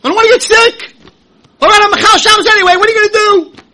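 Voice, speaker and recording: A man's voice: extremely high pitch, steady tone, quick pace, bright, forceful tone, voice pushed up, heavily acted. A man mimicking a fearful, whiny person who shrugs off religious observance. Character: panicky everyday man dreading divine punishment.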